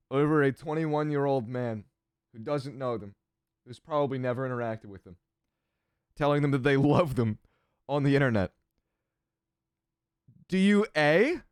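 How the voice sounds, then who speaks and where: A man's voice: fairly high pitch, dry recording, studio quality. A man casually reading chat on his livestream, sardonic and crass, swearing freely.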